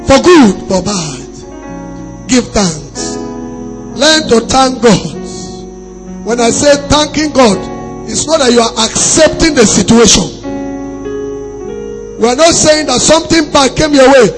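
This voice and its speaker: A male preacher giving an emphatic sermon, repeating phrases and rising to shouts. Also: extremely high pitch, animated, measured pace, long pauses, over music, low-quality recording.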